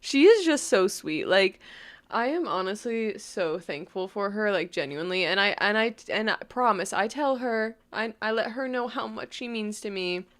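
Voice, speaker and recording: A woman's voice: medium pitch, expressive, normal speed, fairly bright tone. A young woman from New York vlogging casually, rambling with lots of "like" and frequent laughs. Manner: rambling, full of "like", laughs often. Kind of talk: casual storytime chat.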